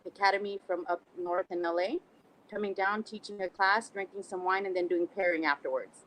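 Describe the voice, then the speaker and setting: A woman guest on a casual podcast, speaking at a middling pitch and easing her answers along with plenty of "um"s. A faint hiss of noise sits under her voice. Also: a little fast, low-quality recording. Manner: relaxed, frequent "um" fillers. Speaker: podcast guest, cigar brand rep.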